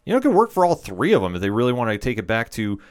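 A man's voice: medium pitch, wildly swooping pitch, rapid-fire, a little mellow, clean tone. A man co-hosting a casual podcast chat, talking at length in an enthusiastic, opinionated way. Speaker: podcast co-host. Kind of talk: casual chat about wrestling.

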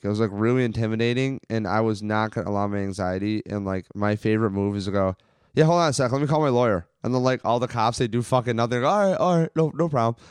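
A man's voice: lowish voice, a little mellow, clear, resonant tone, no room sound, clean studio sound. A man telling a long, profane, rambling story on a casual podcast, from Western New York. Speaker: podcast co-host.

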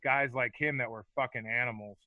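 A man's voice: medium pitch, fairly even intonation, brisk, dry recording. A middle-aged man, a former hockey fighter, telling rambling, profane stories as a podcast guest and laughing as he goes. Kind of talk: casual storytelling interview. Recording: dull lo-fi dry sound.

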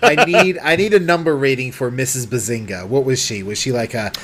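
A man's voice: mid-range voice, brisk, slight background noise. A man co-hosting a podcast who chimes in with short reactions and questions. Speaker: podcast co-host. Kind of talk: casual chat.

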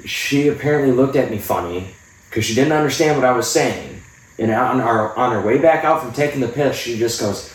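A man's voice: medium pitch, fairly quick. A man telling blunt, profane stories as a podcast co-host in casual chat. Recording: echoey room, distant mic.

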